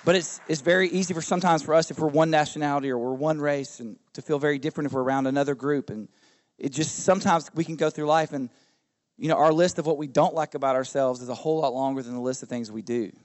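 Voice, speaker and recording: A middle-aged man, a pastor preaching a sermon in a relaxed, conversational way, often asking the congregation questions. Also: on the high side, fast. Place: church service.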